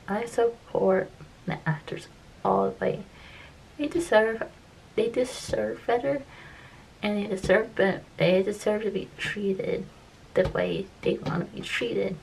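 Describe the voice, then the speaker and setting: A woman talking in a casual vlog, upset and close to tears, halting and repeating herself and often dropping into soft whispers. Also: mid-range voice, creaky, a little hiss or hum, rough recording. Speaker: vlogger.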